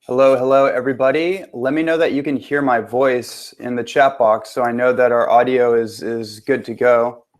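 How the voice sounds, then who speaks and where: An upbeat man hosts a live online webinar as a transformation coach. He talks in a mid-pitched voice and keeps greeting his viewers and checking the audio. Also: steady tone, moderate pace, hardly any pauses.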